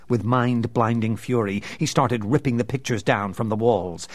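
A man's voice: medium pitch, fairly even intonation, moderate pace, hardly any pauses, no echo. A man reading a novel aloud as narrator, with dramatic storytelling. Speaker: audiobook narrator. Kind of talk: scripted narration.

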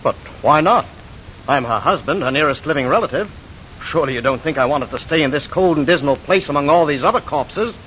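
An actor playing a grieving husband in an old radio drama, pleading indignantly. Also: male voice, lowish voice, expressive, brisk, few pauses, fairly bright tone, highs cut off, slight background noise. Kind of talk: 1940s radio acting.

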